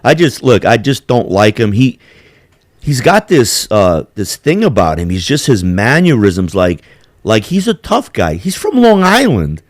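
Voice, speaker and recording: A man chatting on a show, his pitch swinging widely as he rambles and swears. The sound is close and dry, with no room around it. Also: measured pace, no echo. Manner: profane, rambling, animated with put-on quotes. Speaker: podcast host. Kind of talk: casual chat.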